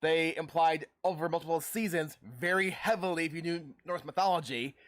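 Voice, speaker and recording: A man co-hosting a casual panel discussion, telling an example in an animated, storytelling way. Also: fairly high pitch, a little fast. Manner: animated, storytelling, acts out quotes. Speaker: podcast co-host.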